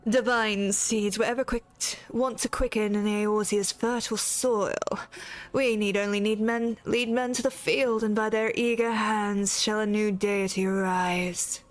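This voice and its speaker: A woman voicing a sinister male cult leader with a put-on Southern drawl, speaking slowly and ominously. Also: mid-range voice, steady tone, lightly acted. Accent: put-on American Southern. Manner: slow, ominous delivery. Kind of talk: reading game dialogue aloud.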